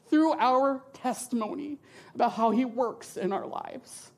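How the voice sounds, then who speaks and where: Middle-aged man, church testimony speaker, passionate, expressive, emotional. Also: extremely high pitch, measured pace. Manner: passionate and expressive, often asks "right?". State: tearful at times. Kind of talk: emotional testimony talk with slides.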